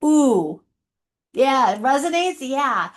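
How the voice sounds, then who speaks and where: Woman webinar presenter, slightly high voice, animated, keeps asking the audience questions. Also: slow pace. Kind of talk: leadership webinar talk.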